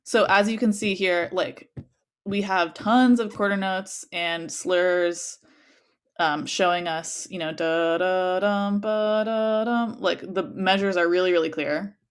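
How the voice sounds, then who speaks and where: A young woman with a fairly low, steady voice speaks a little slowly and smoothly while teaching a music interpretation class. She chats casually, uses many fillers, and sings rhythms on nonsense syllables between explanations.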